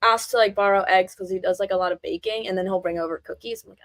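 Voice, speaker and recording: A young woman co-hosting a podcast, chatting in a relaxed way at one steady volume. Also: medium pitch, fast, no echo. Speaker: podcast co-host. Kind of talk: casual chat.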